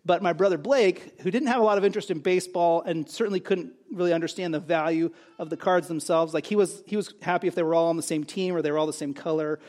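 A man preaching a sermon in a conversational way, with emphatic rises and quiet asides. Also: on the high side, fast talker, few pauses. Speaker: pastor.

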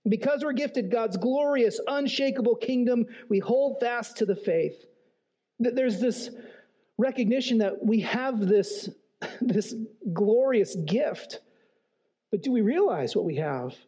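A man's voice: very high voice, lively intonation, unhurried, warm tone, slightly rough. A man preaching a sermon in an earnest, emphatic way, posing rhetorical questions and repeating key phrases. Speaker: pastor.

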